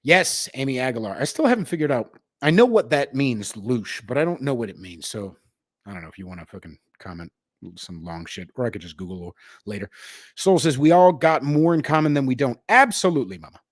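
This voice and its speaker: Brash young male livestream host, profane and slangy, bursts loud then drops low, very animated delivery. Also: brisk, husky, dry recording, clean studio sound. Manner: jumps between shouting and low asides. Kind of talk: unscripted livestream rant.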